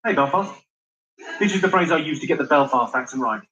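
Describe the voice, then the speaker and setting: High-voiced guy doing stand-up, brash crowd work, muffled live audio with loud noise behind. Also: lively intonation, quick pace. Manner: brash, crowd-working, swears freely. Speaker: stand-up comedian. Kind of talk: stand-up comedy set. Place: comedy venue with audience.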